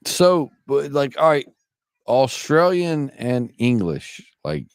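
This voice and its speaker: Man, podcast host, jokey, animated, medium pitch, dry sound. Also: takes it slowly, smooth, no room sound. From American South, born in Louisiana. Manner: animated, jokey, drops into funny accents. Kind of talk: casual chat.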